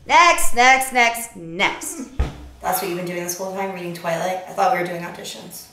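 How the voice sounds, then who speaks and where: A woman playing an impatient casting director in a comedy sketch, exasperated and quick to dismiss people. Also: on the low side, monotone, echoey room, a little hiss or hum.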